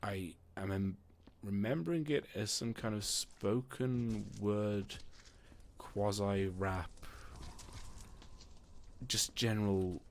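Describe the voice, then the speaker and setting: Speaking slowly in a lowish voice, a lone man in a room narrates a tabletop game as its game master. He wanders casually through the story, regularly stopping to question himself, and there's a little background noise.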